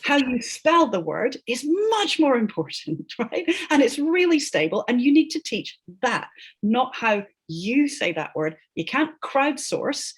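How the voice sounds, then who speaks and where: Woman, linguist guest, husky voice with a lively pitch, emphatic and teacherly. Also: a little slow. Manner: emphatic, often tags "right?", laughs between points. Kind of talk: animated explanatory interview talk.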